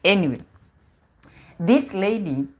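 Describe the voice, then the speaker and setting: A woman's voice: mid-range voice, animated, slow pace. A woman, a relationship coach talking casually on a livestream, mixing in Swahili words and repeating herself as she goes. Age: 40s.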